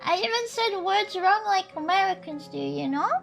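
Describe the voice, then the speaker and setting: A woman's voice: very high voice, lively intonation, normal speed, gravelly. A young woman from Sweden, streaming and chatting casually with viewers in a giggly, playful way. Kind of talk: casual chat while reading viewer comments. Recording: soft lo-fi music underneath.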